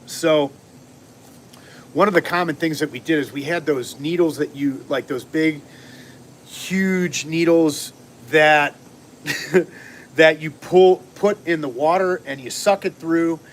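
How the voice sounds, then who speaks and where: A man telling a long story on a casual livestream, rambling and animated, acting out what people said. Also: a little high, takes it slowly, a little hiss or hum. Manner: rambling, animated, acts out quotes.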